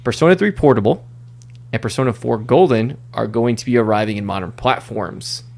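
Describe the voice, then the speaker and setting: A man hosting a gaming podcast, chatting in an upbeat way with quick bursts and filler words. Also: medium pitch, gravelly, a little mellow. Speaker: podcast host. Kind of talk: casual chat.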